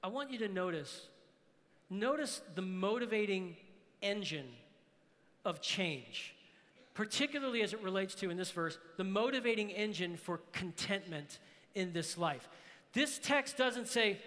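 A man preaching a sermon as pastor, emphatic, rising to shouts on key phrases. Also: very high voice, animated, a little slow. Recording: long hall reverb.

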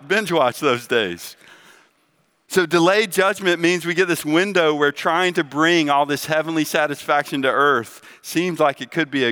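A man's voice: medium pitch, sharp tone, clear, resonant tone. A middle-aged man preaching a sermon in a conversational way, asking the congregation questions and often adding "right?". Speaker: pastor.

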